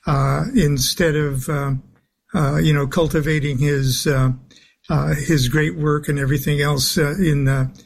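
Husky slow-talking man, halting radio guest. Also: on the high side, level tone. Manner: halting, many filler sounds, soft chuckles. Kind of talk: phone-in talk radio interview.

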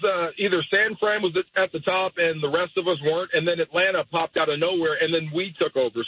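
A man who played in the league, now a radio analyst, giving confident, measured football analysis as a guest on a sports talk show. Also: fairly high pitch, fairly bright tone, slightly rough, dry recording. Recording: dull lo-fi studio sound.

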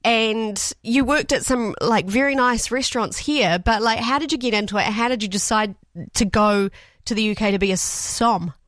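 एक न्यूज़ीलैंड लहजे वाली महिला रेडियो होस्ट, जो सुबह के शो में गपशप भरे, खेलखूद अंदाज़ में सवाल पूछती है।. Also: female voice, on the high side, moderate pace, fairly bright tone, dry recording, clean studio sound. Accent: New Zealand. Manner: chatty, playful, stumbles over words. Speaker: radio breakfast host. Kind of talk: radio interview.

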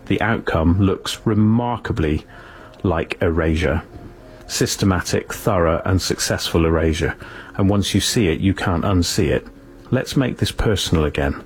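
A man reading scripted narration in a grave tone, with rhetorical questions and careful pauses. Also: deep voice, slightly rough.

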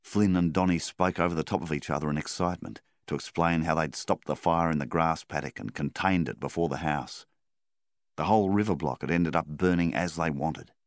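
A man reading a story aloud in calm, measured audiobook narration. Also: very deep voice, no echo, clean studio sound. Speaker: story reader.

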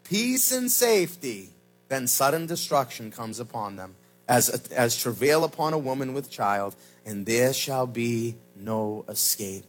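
A man preaching a sermon as pastor, swinging between loud emphatic cries and quiet low asides in a sing-song cadence, repeating his phrases. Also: measured pace, faint music behind.

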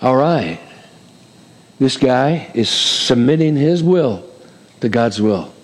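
A man preaching a sermon in an animated way, acting out the voices in the scripture he reads. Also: medium pitch, slow pace. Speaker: pastor. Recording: hall reverb.

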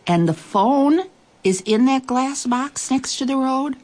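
A woman's voice: fairly high pitch, very animated, a little slow, slightly rough, voice pushed up, exaggerated voice. A woman voicing a small, timid, curious male creature in a storybook, asking wondering questions. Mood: puzzled.

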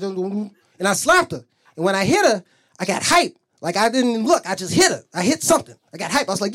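Stand-up comic, male, profane and brash, lively pitch, live club mic. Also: quick pace. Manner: brash, profane storytelling with loud character bits. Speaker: stand-up comedian. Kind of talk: stand-up comedy set. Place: comedy club stage.

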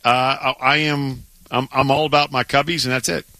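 A male sports radio co-host with a Southern American accent speaks in a very bright, cutting voice. He talks emphatically and stumbles over his words in quick restarts. The studio sound is dry and close. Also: mid-range voice, no room sound. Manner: emphatic, animated, stammering restarts. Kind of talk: casual sports radio banter.

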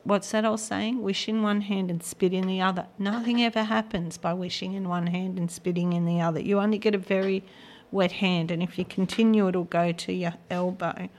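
A woman's voice: mid-range voice, steady tone, moderate pace, a little mellow. A woman hosting a gospel radio show, giving an earnest, personal devotional message that often drops to a near whisper.

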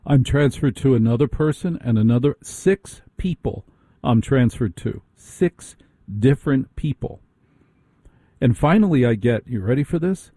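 Wry, exasperated man with a dark, husky voice. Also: mid-range voice, lively intonation, a little slow, dry recording. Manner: wry, exasperated storytelling with quoted asides. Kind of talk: storytelling monologue.

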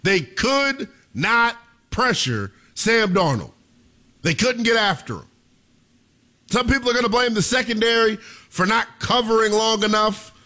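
A young man hosting sports talk radio, delivering a theatrical monologue that he keeps addressing to the listeners as ladies and gentlemen. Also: high-pitched, animated, measured pace.

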